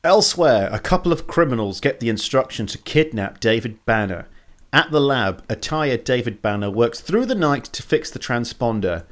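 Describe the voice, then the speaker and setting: Male co-host, casual chat, jumps up in pitch when worked up. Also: normal speed. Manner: animated, jumps higher when excited or joking. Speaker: podcast co-host. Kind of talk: casual chat with plot summary.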